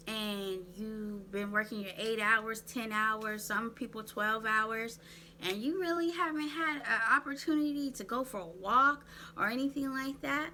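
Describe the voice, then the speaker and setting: Woman self-care coach, slow deliberate pace, bright voice, faint hum behind. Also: a little high. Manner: asks viewers rapid questions, repeats "write that down". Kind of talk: direct-to-camera coaching talk.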